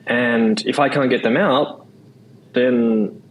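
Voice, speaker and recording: Australian man, casual podcast guest, average pitch, rambling with repeated words. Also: fairly even intonation, slight background noise, rough recording. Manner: quick, loose talk full of "like" and "right?". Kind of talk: casual interview chat.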